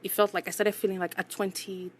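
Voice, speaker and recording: A woman's voice: medium pitch, level tone, fast talker, slight background noise. Guest voice: woman, 30s, conversational, candid, lots of fillers. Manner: candid and chatty, full of "you know" and "like". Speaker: podcast guest. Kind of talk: casual interview storytelling.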